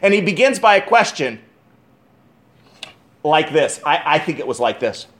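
A male pastor preaching a sermon, calling his listeners friends, moving from loud pleading to hushed, slowed emphasis. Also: a little high, sing-song. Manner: addresses the congregation as friends, asks rhetorical questions.

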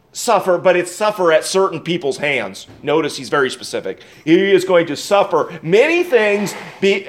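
A middle-aged male pastor delivering a sermon in a fairly high voice. He leans hard on key words and repeats them for weight. He drops to quiet asides, then climbs back to loud stresses. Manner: emphatic, repeats key words, swings between loud and soft.

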